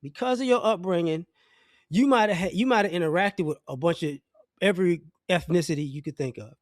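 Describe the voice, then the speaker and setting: A man's voice: high-pitched, a little fast, no room sound, studio quality. A middle-aged man giving a blunt, profane, rambling opinion rant as a vlogger, often restarting his sentences. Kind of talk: casual opinion rant to camera.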